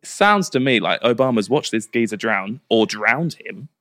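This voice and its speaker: Young man, animated storyteller. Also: medium pitch, moderate pace. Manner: animated storyteller who acts out quotes. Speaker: podcast guest. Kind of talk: casual chat.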